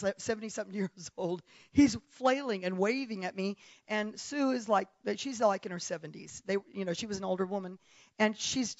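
A woman's voice: mid-range voice, no room sound, lo-fi sound. Emphatic woman preaching a story sermon. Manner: emphatic, rising to loud bursts, with quick restarts.

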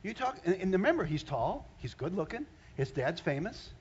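A man preaching a sermon as a pastor, animated, swinging between loud exclamations and hushed asides. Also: sits high, moderate pace, slightly rough, lo-fi sound.

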